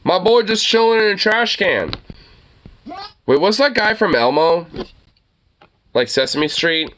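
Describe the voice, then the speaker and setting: A young man riffs on a video clip in casual, profanity-heavy commentary. He often trips over his words and restarts. His voice is bright and bouncy, climbing high and dropping low as he goes. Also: sing-song, unhurried, slight background noise. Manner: profane, rambling, stammering restarts. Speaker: streamer reacting to a video.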